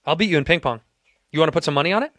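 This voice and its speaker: A man co-hosting a podcast, teasing and needling in casual comedic chat, with loud laughs. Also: fairly high pitch, animated, racing. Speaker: podcast co-host.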